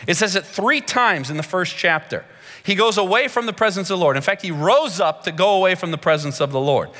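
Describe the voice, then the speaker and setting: Dramatic preacher man, bright voice, hall echo. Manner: dramatic, slow emphatic delivery that climbs high when excited. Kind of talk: sermon. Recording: long hall reverb.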